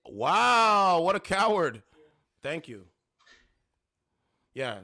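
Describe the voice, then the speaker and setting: A man streaming casual chats with women on a dating app, talking bluntly and confrontationally with plenty of profanity. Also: a little high. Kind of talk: casual livestream chat.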